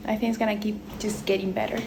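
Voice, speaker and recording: A woman's voice: mid-range voice, level tone, fast. A woman chatting casually on a road-trip travel vlog, loose and rambling, often trailing off and restarting her thoughts. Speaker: travel vlogger. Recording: outdoor recording with clear background noise.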